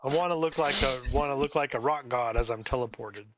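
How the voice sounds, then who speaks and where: A man playing in a live tabletop game, tossing out deadpan jokes in and out of character. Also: medium pitch, brisk, dry recording, muffled recording. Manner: joking, deadpan quips. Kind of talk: casual in- and out-of-character play.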